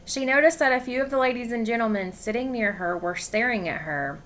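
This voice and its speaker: A woman reading a novel aloud with expression, pausing to ask her listeners questions. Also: on the high side, fairly bright tone, slight background noise. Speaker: story reader.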